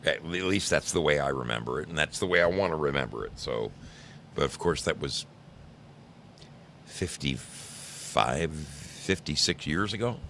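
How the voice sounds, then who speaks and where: A man's voice: a bass voice, lively intonation, unhurried, vocal fry, bright, forceful tone, slight background noise. A man in his sixties from New Jersey, hosting a livestream and chatting casually with viewers, teasing and rambling through stories. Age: 60s. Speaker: livestream host. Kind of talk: casual chat with live chat viewers.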